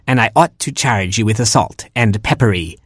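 A man's voice: on the low side, expressive, moderate pace, slightly rough, no echo. A man doing a bossy old porcupine granny. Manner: scolding, wheedling.

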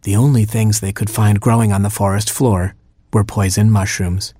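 A man narrating a children's storybook in a playful, expressive way. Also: on the low side, normal speed, breathy edge, no echo, clean studio sound. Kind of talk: storybook reading.

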